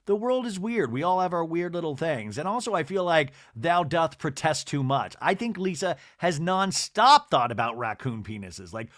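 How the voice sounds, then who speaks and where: A man's voice: fairly high pitch, very animated, normal speed, hardly any pauses, fairly bright tone, no echo, clean studio sound. A man hosting a comedy podcast, recapping a reality show in a gossipy, dramatic way and mimicking the people in it. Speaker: podcast host.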